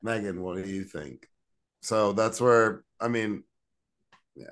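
A man's voice: fairly low pitch, takes it slowly, a bit bright. A man co-hosting a podcast in casual chat, rambling with lots of slang, fillers and restarts. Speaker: podcast co-host.

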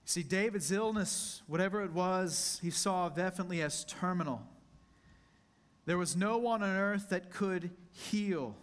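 Male pastor, higher-pitched, intimate earnest sermon delivery. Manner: earnest, intimate preaching, drawn-out emphasis on scripture; addresses the congregation directly as "church".

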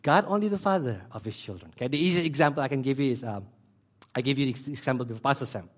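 A man pastor preaching a sermon with passion, repeating key phrases and swinging between loud emphasis and hushed near-whispers. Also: mid-range voice, animated, racing. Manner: emphatic repetition, non-native grammar slips.

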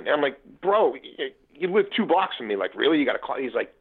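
A man's voice: medium pitch, fast, few pauses, slightly rough. Talkative man on a tinny phone line. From Baltimore area, USA. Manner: animated storyteller, frequent fillers and restarts. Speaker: podcast guest. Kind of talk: casual conversation.

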